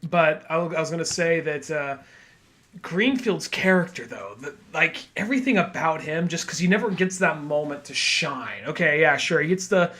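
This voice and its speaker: Man, podcast co-host, casual movie chat, rambling, bright tone. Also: a little high, expressive, normal speed. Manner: rambling, acts out film characters in silly voices.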